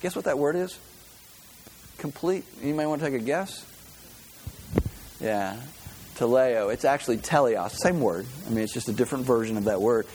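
A male pastor giving a conversational, animated sermon and asking the congregation questions. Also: medium pitch, moderate pace, long pauses, slight background noise.

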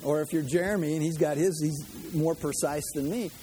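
A man delivers a sermon in a relaxed, conversational way, throwing quick asides and jokes at his listeners. His voice sits a little high but sounds warm and mellow. A faint noise runs under the recording. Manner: conversational, joking asides to the congregation. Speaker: pastor.

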